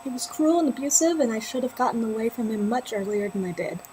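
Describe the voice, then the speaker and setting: A woman's voice: on the high side, fast, slight background noise, rough recording. Chatty laughing woman telling a story. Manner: chatty and animated, laughing often. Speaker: knitting livestream host. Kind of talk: casual storytelling while knitting.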